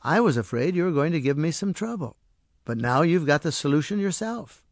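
A man voicing a small mysterious stranger who speaks softly and patiently. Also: fairly high pitch, big pitch swings, fairly quick, no echo, studio quality, voice pushed up. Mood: delighted. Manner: soft, patient and coaxing. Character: small mysterious male stranger, gentle and knowing.

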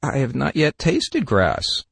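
Man voicing a high, husky-edged storybook lamb, meek and pleading, dry close recording. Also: huge pitch swings, slow pace, dry recording, heavily acted. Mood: mournful. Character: meek, mournful young male lamb.

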